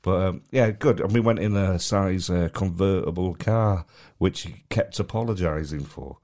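Mancunian male podcast co-host, very low voice, rambling stop-start casual delivery. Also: normal speed, darkish tone. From Manchester. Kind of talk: casual chat.

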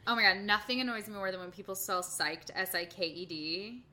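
A woman's voice: medium pitch, fairly quick, bright, forceful tone. A young woman co-hosting a podcast in casual chat. She talks chattily, laughs often and goes off on tangents. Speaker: podcast co-host.

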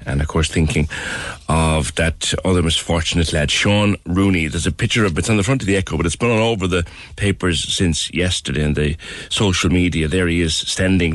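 A man's voice: low voice, dry recording, studio quality. A man with a Cork accent hosting a local radio talk show, chatting about news and callers. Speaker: radio host.

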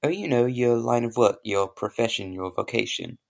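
A stuffy, pompous British gentleman with a put-on accent, prim and old-fashioned in every phrase, as a man puts him on in a comedy sketch. The voice sits in a middling register with a gravelly edge. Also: medium pitch, normal speed, lightly acted.

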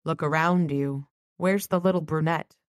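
A woman doing a calm, wry sorceress. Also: sits low, normal speed, no echo, studio quality, close to an everyday voice. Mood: gentle.

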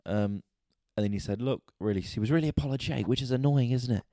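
A man hosting a podcast, telling a story in an exasperated, sweary, animated rant. He is a stand-up comedian talking casually. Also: mid-range voice, fast, dry recording, studio quality. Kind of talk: casual ranting monologue.

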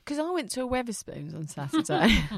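A woman's voice: on the high side, very animated, moderate pace, gravelly, dry recording. A woman comedian co-hosting a podcast, telling rambling, funny stories and acting out what other people said. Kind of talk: casual comedy chat.

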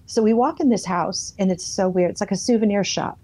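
A woman with a warm, mellow voice recounts her life in an interview. She speaks bluntly and plainly, and she dramatizes the thoughts she had back then as she tells it. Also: medium pitch, brisk. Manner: vivid storyteller who acts out her own past thoughts; blunt, plain-spoken, self-censors swearing. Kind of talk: candid personal testimony.

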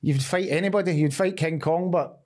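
A middle-aged man with a strong Glaswegian accent talks in a blunt, animated way. He swears freely and tells stories in a casual podcast chat. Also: on the high side, fairly quick. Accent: Glaswegian Scottish. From Scotland. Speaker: podcast guest, former footballer.

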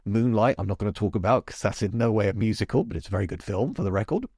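A man's voice: fairly low pitch, animated, fast talker, darkish tone, slightly rough, no room sound, clean studio sound. A man hosting a podcast, talking casually and emphatically about musicals with chatty asides. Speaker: podcast host. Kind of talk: casual chat monologue.

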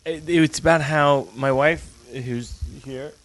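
An American man, a guest comedian, telling a story in casual podcast chat with halting restarts and self-deprecating asides. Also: on the high side, steady tone, fairly bright tone.

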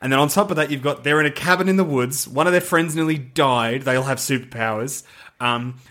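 A man, co-hosting a casual film discussion, animated and laughing as he recounts a movie's plot. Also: medium pitch, a little fast. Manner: animated, laughing, reads plot synopsis aloud. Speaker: podcast co-host.

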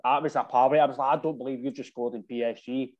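A man's voice: medium pitch, fairly even intonation, fast talker, muffled recording. A Scottish man, a football supporter, telling rambling drinking stories in casual chat, full of slang and "right?". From Scotland.

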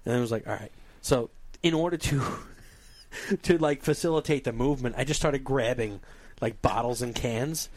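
A young American man chatting casually, animated and joking as he tells a story. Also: mid-range voice. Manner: animated, storytelling, quick to joke. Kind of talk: casual podcast banter.

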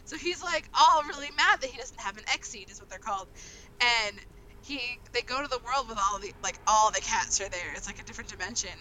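A young woman hosting a casual group chat over an online call. She talks in an excitable, rambling way and laughs often. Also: fairly high pitch, fairly quick, slight background noise, rough recording.

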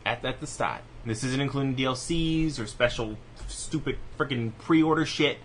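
A young man co-hosting a gaming podcast, rattling off specs in a quick, profane, joking casual chat. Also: mid-range voice, slight background noise. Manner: rapid, profane, laughing reading of spec lists. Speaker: podcast co-host.

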